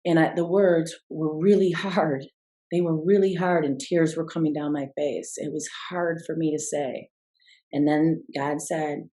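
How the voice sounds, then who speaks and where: A woman's voice: low-pitched, fairly even intonation, normal speed, warm tone. A middle-aged woman and life coach, telling a personal story in an interview in an earnest, reflective way with frequent restarts.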